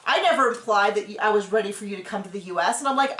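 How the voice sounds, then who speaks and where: A woman's voice: medium pitch, rapid-fire, reverberant, slight background noise. A woman hosting a casual reality show recap, talking animatedly and acting out what the people on the show said. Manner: animated, acts out quotes in voices. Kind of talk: casual commentary.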